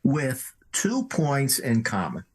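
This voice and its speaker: Male math tutor, methodical and hesitant, slow delivery, middle pitch. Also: huge pitch swings, husky. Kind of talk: explaining a geometry problem.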